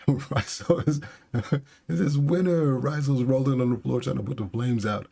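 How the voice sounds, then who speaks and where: A man's voice: medium pitch, a little slow, gravelly, mellow. A man hosting a casual reaction channel, reading aloud and commenting in a chatty way. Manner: chatty, laughs often, restarts words. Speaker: manga reaction channel host.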